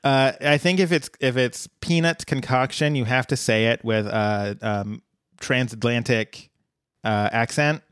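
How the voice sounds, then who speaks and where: A man's voice: mid-range voice, unhurried, fairly bright tone, clean tone, no room sound, studio quality. Joking man co-hosting a podcast. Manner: joking, playfully mocking. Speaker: podcast co-host. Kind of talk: casual podcast chat.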